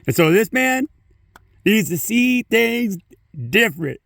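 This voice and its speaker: A man's voice: high voice, big pitch swings, takes it slowly, creaky, a bit bright, dry recording, clean studio sound, recorded from a distance. A man giving a casual spiritual talk on his phone, rambling, swearing freely and saying "you know" often. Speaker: spiritual vlogger.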